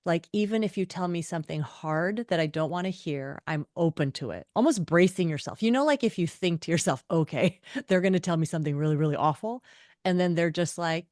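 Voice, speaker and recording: A middle-aged woman author, a guest on a podcast, chatting and telling lively stories, acting out the voices of people she quotes. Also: low voice, a little fast, no room sound, studio quality. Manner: animated storyteller, acts out quoted voices. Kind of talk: conversational interview.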